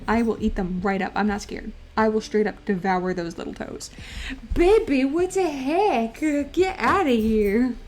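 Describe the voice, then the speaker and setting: A woman's voice: mid-range voice, darkish tone. A woman livestreamer chatting playfully, slipping into doting baby talk and giggling. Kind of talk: casual stream chat.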